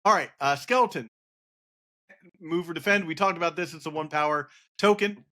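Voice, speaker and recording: A man's voice: on the high side, normal speed, bright, forceful tone. A man co-hosting a casual card game podcast, rambling with lots of fillers and reading card text aloud. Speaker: podcast co-host.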